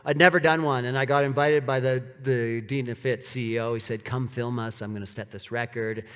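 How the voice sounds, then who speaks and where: A man giving a casual, animated storytelling talk on stage, with many "like" fillers. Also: mid-range voice, fairly quick, clear, resonant tone. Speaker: speaker giving a live talk. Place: large hall with an audience. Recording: reverberant hall.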